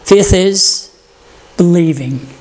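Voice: medium pitch, slow pace, darkish tone, in a large hall. A preacher opening with prayer, then delivering an earnest morning sermon with stories.

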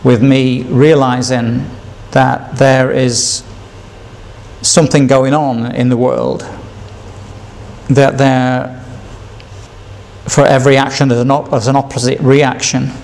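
An older man recounts his life story as a spoken testimony, circling back over his words and chuckling now and then. His voice is gravelly and sits at an ordinary middle pitch. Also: level tone, slow, pauses often, darkish tone. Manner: rambling, repeats himself, chuckles between stories. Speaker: speaker sharing his testimony.

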